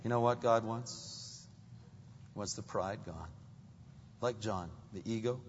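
A man with a husky voice preaching a sermon as pastor, swinging from loud, rising exclamations to hushed low asides and throwing rhetorical questions at the congregation. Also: slow pace, slight background noise. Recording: dull, long-reverb hall sound.

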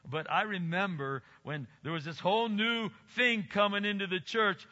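An older man preaching a sermon as pastor, emphatic, swinging between loud exclamations and quiet asides. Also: high-pitched, moderate pace. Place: church sanctuary. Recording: dull recording with long hall reverb.

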